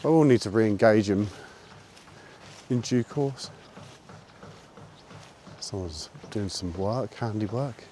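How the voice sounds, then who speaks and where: A man chatting casually outdoors while walking his dog, relaxed and explaining his training. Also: on the low side, takes it slowly, pauses often, a little hiss or hum. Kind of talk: casual walking vlog chat. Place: outdoors on a walk.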